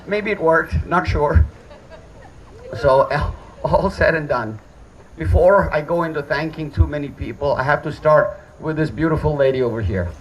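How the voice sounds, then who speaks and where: A man's voice: fairly high pitch, normal speed, slight background noise, rough recording. A middle-aged man giving a father of the bride speech at a hotel wedding reception, joking and poking fun at himself. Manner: joking, self-deprecating.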